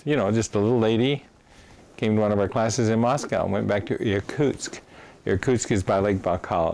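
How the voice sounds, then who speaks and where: Low-voiced man telling lively stories. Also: vocal fry. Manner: animated anecdotes with restarts. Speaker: teacher of his own method. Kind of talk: storytelling lecture.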